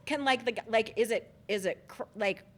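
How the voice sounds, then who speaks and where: A woman's voice: fairly high pitch, normal speed. Giggly woman with a raised voice. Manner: giggly, laughing often, animated storytelling. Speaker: podcast co-host. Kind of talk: casual chat.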